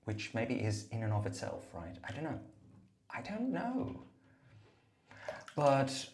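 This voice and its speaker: A man recording a rambling, reflective voice note in a bathroom, meandering and self-mocking, sometimes dropping to a soft murmur. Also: mid-range voice, big pitch swings, slow pace, echoey room, a little hiss or hum. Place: bathroom, at the bath. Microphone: phone voice note.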